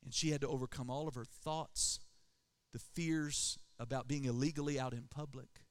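A man's voice: medium pitch, fairly even intonation, normal speed. A male pastor preaching a sermon in a church, emphatic and calling for amens. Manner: emphatic preaching, calls for Amen.

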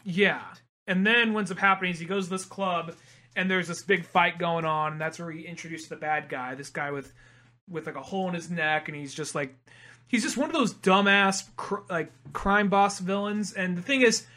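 A man's voice: sits high, moderate pace, sharp tone. A young man co-hosting a podcast, chatting casually and rambling through a movie recap. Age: young adult. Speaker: podcast co-host. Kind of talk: casual chat.

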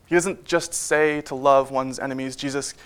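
In a church, a man preaches a sermon in a relaxed, conversational style, full of fillers and wry asides. His voice is mid-range, his pace moderate, and the tone clean.

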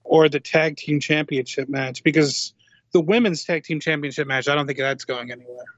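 A man's voice: a little high, fairly even intonation, moderate pace, no echo, muffled recording. A man co-hosting a casual chat show, making wry, joking asides. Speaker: podcast co-host.

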